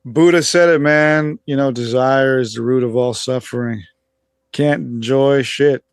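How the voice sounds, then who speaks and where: A man's voice: mid-range voice, steady tone, unhurried, clear, resonant tone, no echo, studio quality. A man as a podcast guest, explaining at length in a laid-back way, with casual swearing.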